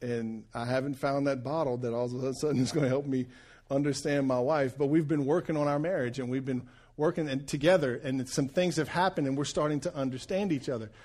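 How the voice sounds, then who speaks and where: A man's voice: medium pitch, brisk, a little mellow. A man in his forties preaching a sermon, folksy and joking, often checking in with the congregation. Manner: folksy storytelling with jokes and audience check-ins. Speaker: pastor.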